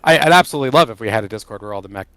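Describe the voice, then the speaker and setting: A man who works as a game creative director, answering interview questions in an enthusiastic, animated way. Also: lowish voice, rapid-fire, dry recording.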